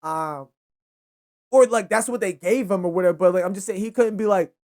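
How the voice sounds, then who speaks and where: A young man hosting a casual solo football recap, rambling and excitable, with frequent profanity. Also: sits high, a little fast. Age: young adult. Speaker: sports show host.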